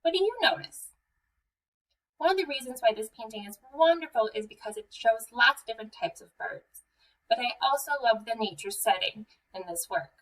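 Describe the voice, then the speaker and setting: A woman's voice: fairly high pitch, animated, normal speed, distant mic, low-quality recording. A young woman with an American accent, a museum educator giving a friendly children's art lesson and story time, asking the viewer questions.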